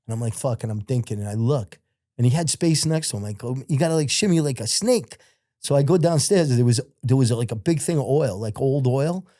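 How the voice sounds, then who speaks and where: A man's voice: mid-range voice, a little fast. An older man, a podcast guest, telling old crime stories in casual, profane talk and acting out the voices of others. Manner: profane, animated, acts out other people's voices. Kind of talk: casual storytelling.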